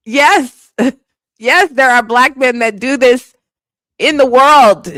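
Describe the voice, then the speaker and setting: A woman's voice: high-pitched, slow, a bit bright, dry recording. A woman hosting a casual live stream, laughing often and sounding playfully exasperated.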